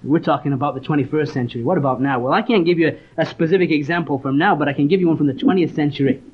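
A man's voice: a little high, rapid-fire, husky. A man from England, preaching a sermon and telling stories with earnest conviction. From Leeds, northern England. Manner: earnest storytelling, reads scripture aloud. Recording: dull lo-fi recording.

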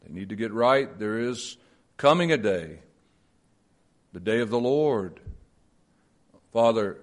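A man preaching a sermon and praying, rising to emphatic peaks and dropping low and slow, chuckling at his own playful phrasing. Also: lively intonation. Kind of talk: sermon with closing prayer.

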